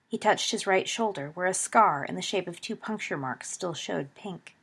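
A woman narrating a story in a steady, measured reading voice. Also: lowish voice, vocal fry, husky.

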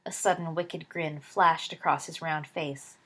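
A woman reading a story aloud as narrator, steady, dropping low and soft for dialogue tags. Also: measured pace. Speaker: reader.

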